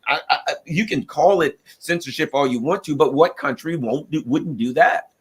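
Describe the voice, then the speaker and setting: A man's voice: on the high side, expressive, moderate pace, few pauses, husky. A man from the United States delivering an opinionated political commentary, arguing emphatically and acting out what nations might say. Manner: emphatic, argumentative, acts out quoted voices of nations.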